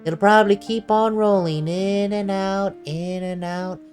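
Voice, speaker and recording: Woman reading as a soft, wistful island girl. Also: mid-range voice, fairly even intonation, lightly acted. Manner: soft, slow and reflective reading. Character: gentle wistful teenage village girl. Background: faint game music.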